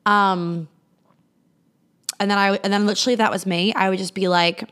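A woman's voice: medium pitch, steady tone, racing, fairly bright tone, clear, resonant tone. Woman doing a live q&a, blunt casual advice, swears a lot, lots of "like" and "um". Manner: blunt, casual and swears freely, with many fillers; acts out quoted replies in a lighter voice. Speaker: host answering viewer questions on a livestream.

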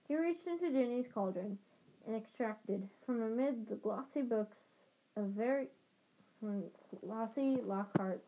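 A woman's voice: mid-range voice, phone-quality sound. A woman reading a fantasy novel chapter aloud, stumbling and rereading lines as she goes. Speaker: reader.

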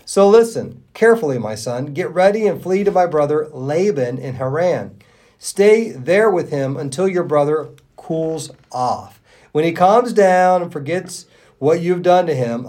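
A man co-hosting a podcast, reading scripture aloud and giving quoted speech a raised, expressive voice. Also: fairly high pitch. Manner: expressive reader who lifts his voice for quoted speech. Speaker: Bible reading podcast co-host.

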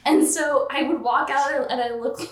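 A woman's voice: high voice, normal speed, reverberant. A young woman co-hosting a casual chat about a cartoon series, telling stories with lots of laughs and acted-out quotes. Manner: animated storyteller, acts out quotes, laughs often, swears casually. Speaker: podcast co-host.

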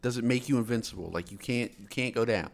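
A man's voice: medium pitch, quick pace. A young man co-hosting a casual podcast, teasing and making provocative jokes. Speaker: podcast co-host.

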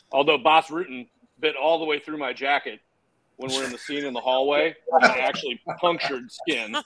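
Relaxed storytelling man, mid pitch. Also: a little fast, noisy background. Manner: relaxed storyteller, swears casually, trails off with fillers. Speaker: guest filmmaker and actor. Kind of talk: casual interview chat.

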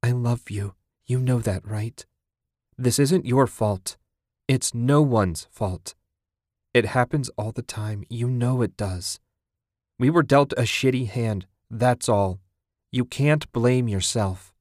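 A man's voice: medium pitch, slow, darkish tone, no room sound, clean studio sound, natural voice. A man voicing a desperate young husband who pleads with his grieving wife. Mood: begging. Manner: pleading, raised voice.

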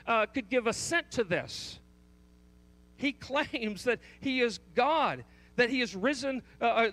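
A man's voice: extremely high pitch, fairly bright tone. A man preaching a sermon, pressing a repeated question with emphatic stress and frequent restarts. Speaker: pastor.

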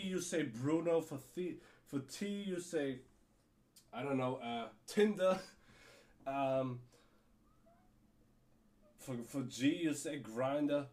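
A man with a cold rambles through a story at an unhurried, drawn-out pace. His voice sits a little high for a man, and he keeps circling back with fillers and restarts. He swears casually as he talks to his podcast listeners. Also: darkish tone. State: has a cold. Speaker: podcast host.

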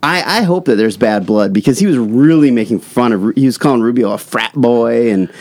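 Animated man on a dry-sounding podcast. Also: medium pitch, a little fast, no room sound. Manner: animated, laughs often while telling stories. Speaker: podcast co-host. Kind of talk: casual podcast chat.

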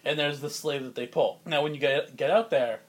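A man's voice: fairly high pitch, a little fast. A man narrating as game master of a comedic tabletop game, loose and laughing, with lots of fillers.

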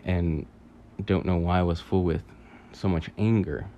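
A man telling a long dream story in a halting, rambling way, full of fillers, restarts and casual swearing. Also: deep voice, fairly even intonation, warm tone, dull audio, slight background noise. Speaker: podcaster recounting a dream.

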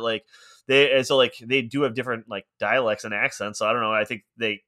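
A man's voice: mid-range voice, steady tone, quick pace, pushed and bright. A man co-hosting a podcast in casual chat, rambling along and laughing often, with many filler words. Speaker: podcast co-host.

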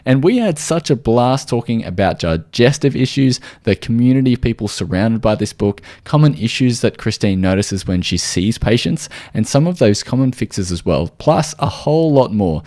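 A man's voice: on the low side, dark tone. A man with an Australian accent hosting a podcast, upbeat and chatty with frequent fillers. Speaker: podcast host. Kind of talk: casual interview chat.

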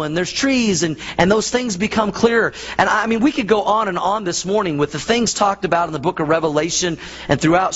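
A man preaching a sermon as pastor, telling folksy stories and acting out voices in his anecdotes. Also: high-pitched. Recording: dull lo-fi sound.

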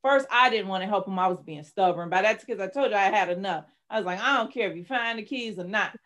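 A woman's voice: medium pitch, fast talker. A middle-aged woman, candidly telling her life story in an interview with dramatic retellings. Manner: candid, dramatic retelling, rising to shouts when reliving anger. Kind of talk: personal testimony in an interview.

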